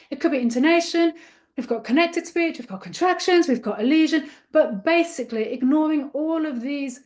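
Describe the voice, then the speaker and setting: A woman's voice: a little high, a little mellow. A woman leading a live teacher-training webinar, talking in a chatty, encouraging way and putting questions to her audience.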